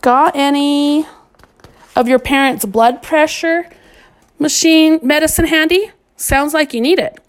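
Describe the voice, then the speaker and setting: A woman's voice: high-pitched, measured pace, voice pushed up. A woman voicing a wisecracking teenage boy with a joking, teasing manner.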